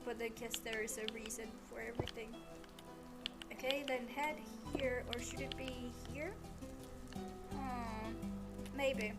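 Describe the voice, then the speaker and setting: Slow-talking high-voiced woman streamer. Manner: exasperated, talks to the game, repeats herself. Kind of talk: casual gameplay commentary. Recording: game music playing underneath.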